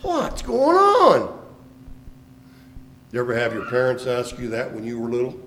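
A man's voice: medium pitch, monotone, fast talker, a little hiss or hum, poor audio. A male pastor preaching a sermon with rising and falling emphasis. He asks the congregation direct questions.

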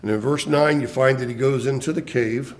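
A man's voice: mid-range voice, fairly even intonation, fairly quick, rough recording. A male pastor preaching a sermon with rising and falling emphasis. He asks the congregation direct questions.

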